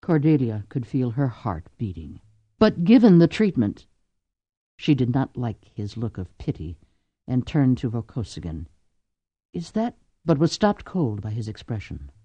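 A man narrates an audiobook with a lively, expressive delivery and a mellow tone. The audio is dry and slightly dull. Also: mid-range voice, moderate pace, breathy edge, no echo. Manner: expressive reading. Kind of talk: scripted narration.

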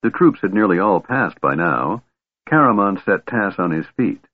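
Low, husky male audiobook narrator. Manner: measured, steady reading. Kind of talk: scripted narration. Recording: tinny phone-like band, dry.

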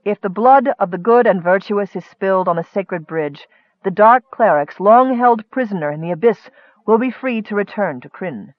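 A man voicing a sinister, soft-spoken male wizard who talks quietly and in a measured way. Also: high-pitched, lively intonation, no room sound, dull audio. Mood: grave.

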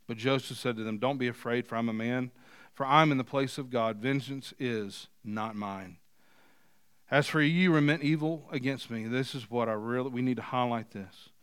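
A male pastor preaching a sermon, moving from quiet scripture reading to loud, emphatic points. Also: medium pitch, steady tone, normal speed, smooth, no echo, clean studio sound. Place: church.

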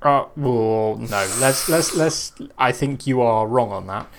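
A man's voice: medium pitch, slow pace, gravelly, slight background noise. A man co-hosting a podcast, dry and steering the conversation. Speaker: podcast co-host. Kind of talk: casual chat.

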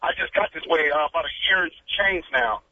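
A man with a Cleveland accent, a laid-back radio interview guest who talks in a relaxed, drawling way. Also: on the high side, a little fast, phone-quality sound. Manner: laid-back, drawling, says bro a lot. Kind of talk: casual phone interview.

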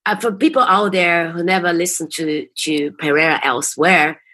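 A woman with a deep, low-pitched voice hosts a radio interview. She chats casually over a video call and leans on filler words as she talks. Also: moderate pace, fairly bright tone. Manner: chatty, leans on fillers like "basically". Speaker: radio host.

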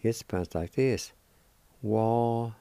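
An older man with a Cherokee accent teaching words slowly and deliberately as a radio language teacher, repeating each one. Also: on the low side, creaky, dark tone, clean tone, dry recording. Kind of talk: slow spelled-out language lesson.

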